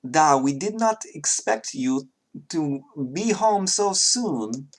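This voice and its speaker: A man voicing a young, eager giant woman with a put-on Russian accent, pitched high and spoken slowly. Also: lively intonation. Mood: wistful.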